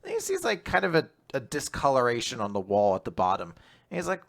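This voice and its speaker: A man's voice: lowish voice, brisk. A man co-hosting a podcast, chatting casually and acting out character dialogue in voices. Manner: animated, acts out dialogue in voices. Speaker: podcast co-host. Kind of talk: casual chat recapping comics.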